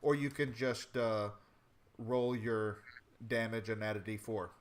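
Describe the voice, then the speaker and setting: A man's voice: lowish voice, fairly even intonation, a little slow. A man running a tabletop game as game master, asking players questions and often restarting his phrases. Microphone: home mic on a live stream.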